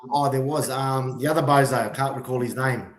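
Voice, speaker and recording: A man's voice: medium pitch, fairly even intonation, fairly quick, reverberant. A man co-hosting a football podcast, laid-back and hesitant. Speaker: podcast co-host. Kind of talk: casual sports chat.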